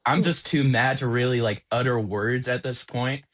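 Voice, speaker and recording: A young man on a podcast, an auto technician telling an animated, exasperated story about a workplace prank. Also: mid-range voice, normal speed. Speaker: podcast co-host, automotive technician. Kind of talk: casual storytelling chat.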